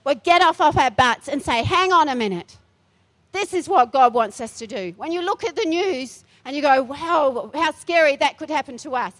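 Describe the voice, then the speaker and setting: Woman, middle-aged, pastor, high voice, feisty emphatic sermon, repeats phrases. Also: animated, moderate pace, a bit bright. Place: church.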